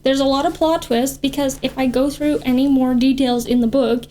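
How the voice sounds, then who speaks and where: A woman co-hosting a casual book review chat, giving blunt, deadpan verdicts. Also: sits high, normal speed. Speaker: co-host.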